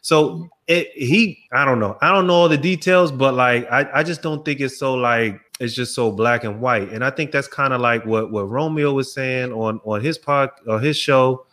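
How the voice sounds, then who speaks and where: A man's voice: medium pitch, moderate pace, hardly any pauses. A man co-hosting a casual podcast, talking animatedly, repeating words and acting out quotes. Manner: animated, repeats himself, quotes people in their voices. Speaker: podcast co-host.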